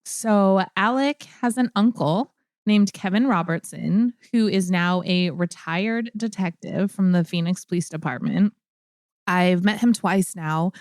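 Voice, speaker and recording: A woman co-hosting a podcast, chatting casually and retelling a story with animated asides. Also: mid-range voice, measured pace, no echo, clean studio sound. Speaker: podcast co-host. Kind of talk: casual chat.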